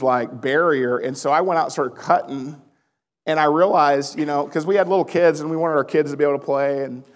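A male pastor in his thirties tells stories from the pulpit, talking to the crowd as guys. His voice is gravelly and sits a little high for a man. A long hall reverb trails each phrase. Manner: storytelling, animated, addresses listeners as guys. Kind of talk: sermon.

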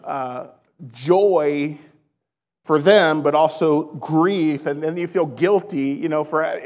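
Man, 30s, pastor; storytelling sermon, gravelly voice, big hall echo. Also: a little high. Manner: storytelling, animated, addresses listeners as guys. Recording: long reverb of a hall.

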